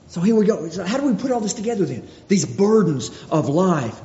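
Preacher in a dull reverberant hall. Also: male voice, high voice, very animated, brisk, hardly any pauses, warm tone. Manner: earnest, repeats phrases, stumbles and restarts. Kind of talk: sermon.

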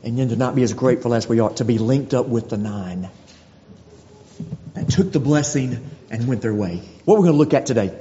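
A man's voice: mid-range voice, mellow, slight background noise. A man preaching a sermon to a congregation, driving his points home with repeated rhetorical questions. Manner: rhetorical questions, emphatic repetition. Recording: dull lo-fi audio with long reverb.

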